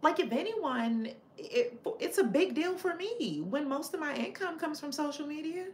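A woman's voice: sits high, animated, normal speed, echoey room, a little hiss or hum. A woman hosting a casual live chat with her viewers, passionate and opinionated, chatty with frequent fillers and restarts. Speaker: livestream host chatting with viewers.

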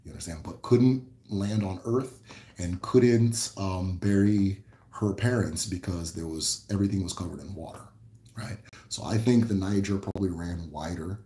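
Man, low voice, warm and dark, loose chatty livestream talk, many fillers, roomy echo. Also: normal speed. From American Midwest. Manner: relaxed, rambling, many fillers and restarts. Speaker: host answering viewer questions on a livestream.

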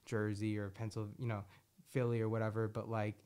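A relaxed man hosting a podcast, chatting loosely with his co-host. He laughs easily and drops casual swears, rambling through his stories at an unhurried pace. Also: lowish voice, smooth. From Boston area. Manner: laid-back, laughs often, swears casually. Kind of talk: casual chat.

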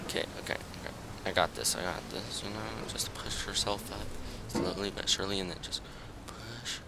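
A young man commenting on his own gameplay, pleading with himself and muttering, with sudden high yelps when things go wrong. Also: fairly even intonation, brisk. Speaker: gaming channel host. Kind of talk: let's-play commentary. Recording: loud background noise.

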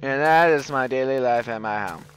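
A man's voice: medium pitch, normal speed. A man doing goofy, rambling Let's Play commentary, breaking into whiny mock-crying outbursts. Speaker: gamer, channel host.

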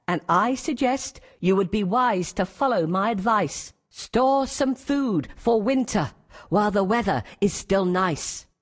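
A woman's voice: medium pitch, animated, unhurried. A woman voicing a wise, hardworking male ant in a cartoon, stern and earnest. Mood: scolding. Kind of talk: cartoon voice acting.

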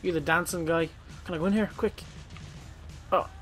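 A man commentating his own gameplay in a casual, rowdy way, swearing freely and bursting into shouts. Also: fairly high pitch, fairly even intonation, normal speed, soft background music.

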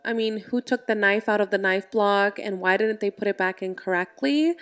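A woman narrating a film recap in a casual, chatty way, with asides to the listener. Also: mid-range voice.

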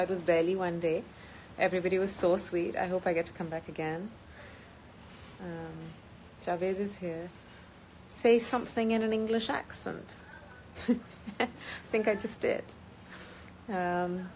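A woman's voice: on the low side, a little hiss or hum, low-quality recording. A woman chatting casually on a live stream, reading out viewer comments and mixing English with Hindi, with frequent ums. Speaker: singer hosting a live stream. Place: outdoors in sunny Goa.

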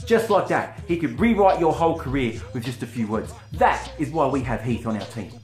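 A man snarling a crude, taunting wrestling promo. He stutters now and then, and his pitch swings widely as he mocks. The room sounds echoey, with faint music underneath. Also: animated, brisk, a little mellow. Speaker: wrestling character cutting a promo. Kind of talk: trash-talk promo. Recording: roomy with faint music behind.

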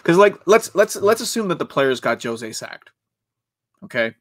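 A man co-hosting a podcast in casual chat, talking in an animated, joking way. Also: a little high, no room sound, clean studio sound. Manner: animated, joking, quick to laugh. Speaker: podcast co-host.

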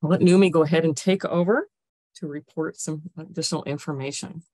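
A woman presenting findings in a webinar over a video call, steady, with occasional fillers. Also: low voice, fairly quick, no room sound.

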